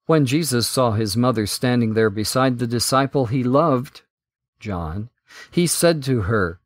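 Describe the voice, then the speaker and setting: Slow, measured male Bible reader. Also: medium pitch, no room sound, studio quality. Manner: measured, deliberate reading. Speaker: Bible reading podcast host. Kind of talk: slow scripture reading.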